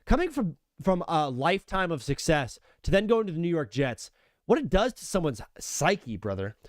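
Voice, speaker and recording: Speaking at a normal speed in a slightly high, sing-song voice, a young man hosts a live sports talk stream. He's casual and animated, frequently saying "brother" and "dude," with clean studio sound and no room noise.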